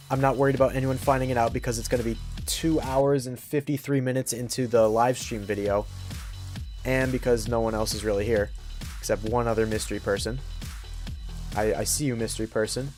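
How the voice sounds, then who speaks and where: A man's voice: medium pitch, brisk, a little mellow, faint music behind. A young man chatting casually on a game livestream, joking with chat and muttering to himself as he plays. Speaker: game streamer.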